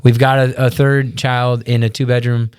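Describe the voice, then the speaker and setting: A man's voice: mid-range voice, level tone, moderate pace, a little mellow, clean tone. A man co-hosting a casual chat, earnestly retelling a family story and quoting his own thoughts. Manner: earnest, retelling with quoted self-talk. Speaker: podcast co-host.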